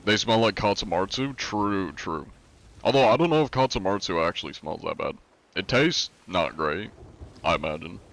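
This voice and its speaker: A man's voice: expressive, normal speed, creaky, a bit bright. A man streaming a game live, answering his chat in a wry, joking, rambling way. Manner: says he is often compared to a deep-voiced narrator.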